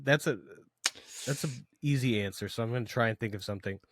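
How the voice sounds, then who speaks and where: A man's voice: mid-range voice, fast, slight background noise. A young man co-hosting a casual podcast in a playful, teasing way. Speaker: podcast co-host. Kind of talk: casual chat.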